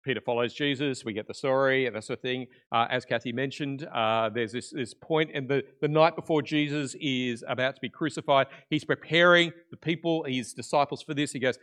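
A man preaching in a conversational way, retelling a Bible story with animated energy that drops to hushed tones at key moments. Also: medium pitch, brisk, few pauses. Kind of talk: conversational sermon.

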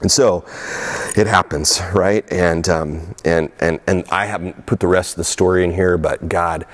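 A middle-aged male pastor delivering a sermon with an animated, repetitive manner. He stacks up repeated words and sometimes slips into the voices of the people in his story. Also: low voice, moderate pace.

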